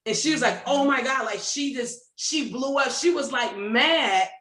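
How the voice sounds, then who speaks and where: Detroit woman, host, high voice, storyteller with echoey call audio. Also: unhurried. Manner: animated, laughing, acts out quoted voices. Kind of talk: casual storytelling. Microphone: video call.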